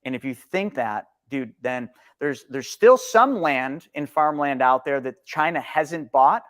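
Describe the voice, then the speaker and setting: A middle-aged man co-hosting a live-stream market show, talking bluntly and sarcastically with animated swings. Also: mid-range voice, unhurried. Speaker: co-host.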